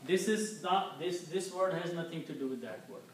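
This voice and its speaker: A man teaching an Arabic lesson, speaking slowly and repeating key words patiently. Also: a little high. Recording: very echoey room, distant mic, faint noise.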